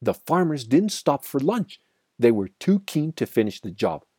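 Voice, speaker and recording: A man reading a children's storybook aloud in an expressive, dramatic way. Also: medium pitch, normal speed, a little hiss or hum.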